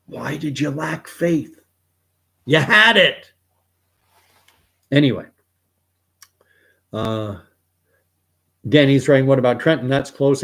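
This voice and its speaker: A man's voice: mid-range voice, darkish tone. A man from Canada hosting a livestream, reading viewer comments aloud and musing in a rambling, digressive way. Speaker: host.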